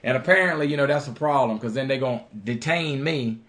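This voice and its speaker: A man's voice: mid-range voice, fast, fairly bright tone. A middle-aged man telling a personal story on a religious radio show, plainspoken and chuckling now and then. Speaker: ministry member telling a story.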